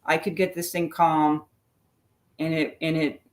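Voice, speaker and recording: A woman's voice: sits low, little pitch movement, unhurried, darkish tone. A middle-aged woman, a retired police lieutenant, telling her story as a guest in a candid, self-deprecating way. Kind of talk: casual interview talk.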